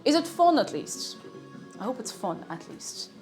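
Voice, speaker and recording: A woman's voice: a little high, sing-song, measured pace, darkish tone, faint music behind. A woman streamer, chatting casually while cooking on a live stream, playful and often breaking off mid-sentence. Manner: chatty, self-interrupting, playful.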